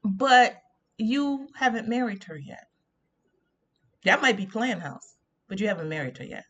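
A woman's voice: mid-range voice, lively intonation, unhurried, a bit bright. A woman preaching an informal sermon on a radio show, drawing words out and humming in agreement with herself.

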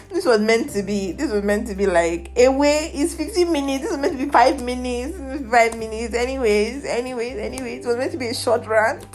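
A woman's voice: high-pitched, lively intonation, a little fast, darkish tone, soft background music. A young woman with a Nigerian accent hosting a podcast, ranting candidly and emotionally and dropping in Nigerian slang. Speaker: podcast host. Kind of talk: personal rant podcast.

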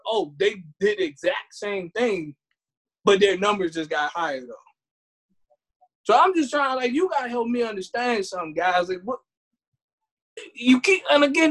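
A man talking in a casual chat, animated and laughing, often acting out other people's lines. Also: very high voice, moderate pace.

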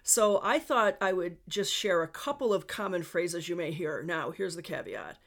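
Chatty woman from Western New York, lower-pitched, hosting a solo podcast and talking straight to her listeners. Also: animated, moderate pace, a bit bright. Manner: chatty and personal, with asides to listeners. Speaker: podcast host.

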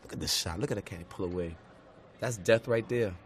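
Deep-voiced man, casual and enthusiastic. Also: fast talker, a little hiss or hum. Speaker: actor on a commentary track. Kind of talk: casual commentary chat.

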